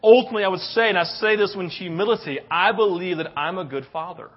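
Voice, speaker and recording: A man's voice: high voice, fast talker, highs cut off. A man in his thirties preaching a sermon, telling a story animatedly and often asking "right?". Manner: animated storytelling, tag questions. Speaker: pastor.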